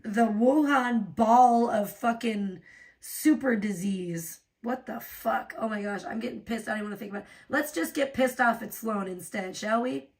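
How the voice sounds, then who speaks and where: A woman's voice: on the high side, normal speed, recorded from a distance. A woman hosting a livestream, ranting in a profane, rambling way and laughing often. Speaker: livestream host. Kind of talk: casual livestream rant.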